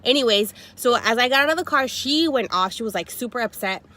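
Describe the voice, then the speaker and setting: A woman telling a story in a chatty, animated, slangy way, sitting in her car. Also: fairly high pitch, a little fast. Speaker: vlogger. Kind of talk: story time vlog.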